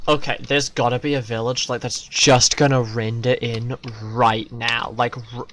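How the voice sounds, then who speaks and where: A man streaming a video game, giving casual commentary that swings from loud, profane yelps to quiet muttering. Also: mid-range voice, level tone, unhurried, dry recording.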